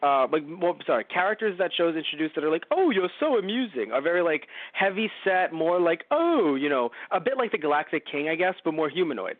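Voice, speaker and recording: Man, podcast co-host, casual rambling chat, quick character impressions, slightly high voice, thin phone-like sound. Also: no room sound. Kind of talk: casual anime review chat. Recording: dry, phone-like narrow sound.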